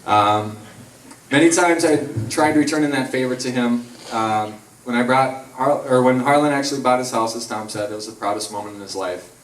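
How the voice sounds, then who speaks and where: A man's voice: medium pitch, moderate pace. A man in his thirties with an Upper Midwest American accent, giving a eulogy full of funny stories about a close friend. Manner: storytelling, jokey, acts out quotes. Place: large hall at a memorial. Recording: echoey hall, mic from far off.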